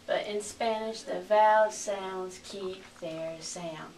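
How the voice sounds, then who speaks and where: A woman teaching a recorded lesson, speaking slowly and clearly and repeating each word for her learners. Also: mid-range voice, a little mellow, echoey room, far from the mic, a little hiss or hum.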